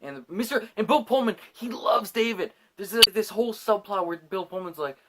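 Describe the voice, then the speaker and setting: Brief: tipsy man, lively up-and-down delivery, rambling and cursing through a film recap. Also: high-pitched, normal speed, very noisy. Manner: rambling, animated, swears a lot. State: drunk. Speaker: podcast host. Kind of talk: drunk movie recap chat.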